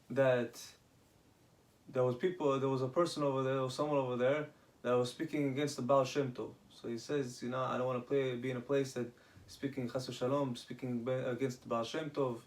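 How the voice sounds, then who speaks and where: A man casually retelling rabbinic stories, halting, with many restarts and Hebrew terms. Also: medium pitch, fairly even intonation. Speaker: storyteller.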